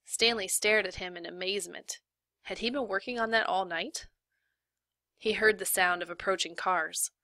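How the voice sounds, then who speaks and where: A woman reading a novel aloud in steady, measured narration. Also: mid-range voice, no room sound. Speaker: reader.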